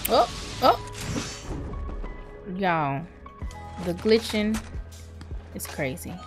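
A woman hosting her gaming channel, giving excitable live commentary as she plays, exclaiming and talking to the game in casual, Southern-flavored speech. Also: fairly low pitch, extremely slow. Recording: game music playing loudly behind.

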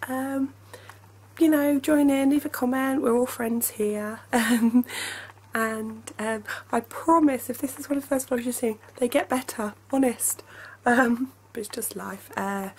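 A woman's voice: on the high side, vocal fry, a little mellow, husky. A young woman in casual vlog chat at home, chatty and apologetic, laughing often, speaking through a headache. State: has a headache. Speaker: family vlogger. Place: home, indoors.

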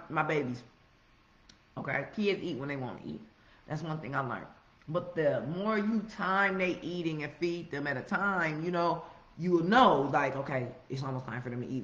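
A woman giving a casual, profane motivational monologue, preaching with loud emphatic outbursts. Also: low voice. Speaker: motivational vlogger. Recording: roomy, slightly muffled recording.

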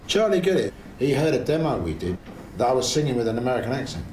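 A musician being interviewed, talking in a cheeky, blunt way and swearing freely. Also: male voice, medium pitch, sing-song, fast, darkish tone, slight background noise. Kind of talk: reflective interview talk. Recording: music playing underneath.

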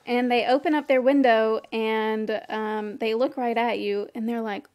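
A woman runs a tabletop game, narrating in a fairly high voice with easy laughs and plenty of fillers. The sound is dry and close to the mic. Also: steady tone, measured pace, few pauses, a little mellow, no room sound. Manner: casual, giggly, many fillers. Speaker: game master.

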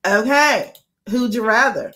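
A woman's voice: on the high side, unhurried, bright, forceful tone. A woman from Atlanta with a Southern accent, hosting a casual interview, playful and laughing often. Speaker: host.

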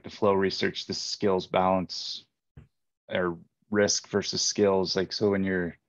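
A man in a casual group discussion, thoughtful and chuckling between points, on dull lo-fi audio. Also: low voice. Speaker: seminar participant.

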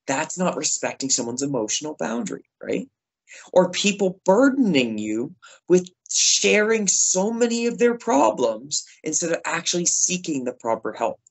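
A man teaching children in a chatty, lively way, acting out short example phrases as he explains. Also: high voice, normal speed, vocal fry, low-quality recording. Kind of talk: classroom lesson for kids.

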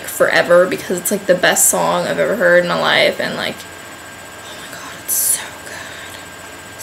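A woman's voice: mid-range voice, fairly bright tone, a little hiss or hum, rough recording. A young woman vlogging to camera at home in a rambling, chatty way, filling her talk with "like". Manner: rambling, chatty, heavy use of "like". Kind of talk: casual vlog chat to camera.

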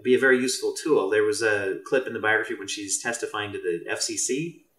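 A man's voice: on the low side, quick pace, a bit bright, far from the mic. A man, a mental health professional, talking thoughtfully as a guest in a casual discussion. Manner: thoughtful, meandering. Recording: roomy, off-mic.

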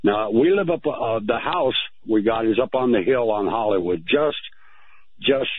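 A man calling into a radio show, telling his story in a halting way and repeating words. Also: on the low side, animated. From United States. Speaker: caller. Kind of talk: phone-in account. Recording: tinny phone line.

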